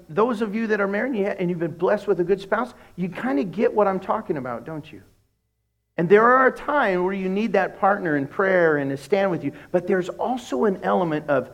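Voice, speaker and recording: A middle-aged man preaching a sermon as a pastor, telling humorous stories and acting out conversations in a lowered voice. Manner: animated, humorous storytelling that acts out dialogues in a lowered voice.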